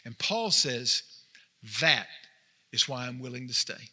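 Man, pastor, sermon, animated and emphatic, long hall reverb. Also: mid-range voice, measured pace. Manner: animated storytelling preacher, rising to emphatic peaks.

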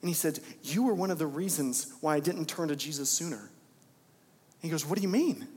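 Male pastor, fervent sermon, fairly high voice, long church-hall echo, repeats lines for emphasis. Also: expressive, normal speed, darkish tone. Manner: impassioned, repeating phrases for emphasis. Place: church sanctuary.

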